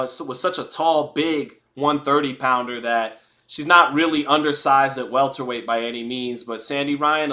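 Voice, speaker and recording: Male livestream host, fairly high and bright voice, rambling casual fight commentary, profane asides. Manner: chatty, rambling, reads and answers viewer chat; blunt and profane with joking asides.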